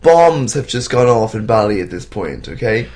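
A man co-hosting a podcast, bantering casually about a film with dry jokes and quick acted-out bits. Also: fairly low pitch, big pitch swings, a little mellow. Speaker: podcast co-host.

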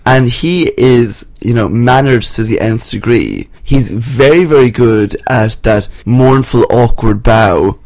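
A man co-hosting a film review chat, animated and opinionated with a wry streak. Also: mid-range voice, slow, hardly any pauses. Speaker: podcast co-host.

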